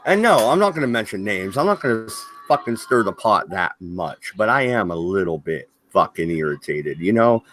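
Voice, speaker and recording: Hosting a livestream, this man launches into an angry rant, swearing constantly in a heated, profane way. His voice is on the low side and fairly bright, very animated, moving at normal speed with few pauses.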